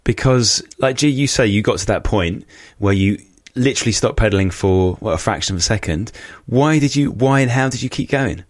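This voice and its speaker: A man hosting a podcast who asks his guests questions in a halting way, rephrasing as he goes. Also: lowish voice, no echo, studio quality. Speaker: podcast host. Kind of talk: casual interview questions.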